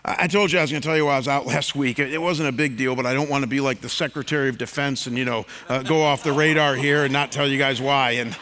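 Bright-voiced male pastor, stammering storyteller. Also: mid-range voice, steady tone, fast talker, few pauses. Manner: conversational storytelling with frequent stammered restarts. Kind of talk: sermon.

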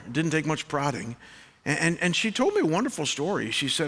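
Male pastor, middle-aged, slightly high bright voice, chatty sermon with stammered restarts. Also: big pitch swings, fast, slightly rough. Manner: conversational storytelling with frequent stammered restarts.

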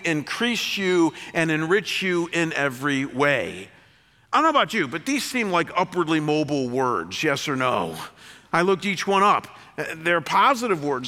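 A male pastor delivers a sermon in a church, his voice bright and forceful and a touch high. He swings from loud, lifted emphasis to soft, low asides. Long reverb trails each phrase. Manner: animated preaching with sudden loud rises and soft drops.

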